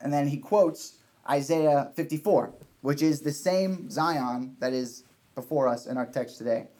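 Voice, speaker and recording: A man's voice: on the high side, unhurried, a little mellow. Earnest man preaching a sermon. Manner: earnest, repeats points with restarts.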